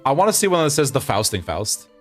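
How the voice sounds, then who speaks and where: A man's voice: medium pitch, sing-song, fast talker, fairly bright tone, faint music behind. A man in his thirties, a streamer, chatting casually with viewers while he plays a game. He rambles, often restarts his sentences and laughs a lot. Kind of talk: casual gameplay chat with viewers.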